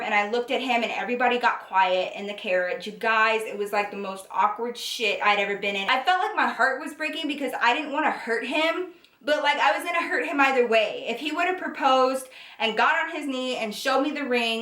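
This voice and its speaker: A young woman vlogger telling a personal story in a lively, profane way, acting out what people said. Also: fairly high pitch, normal speed, recorded from a distance. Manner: animated, profane storytelling with acted-out quotes. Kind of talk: storytime vlog. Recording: echoey room, voice a bit off-mic.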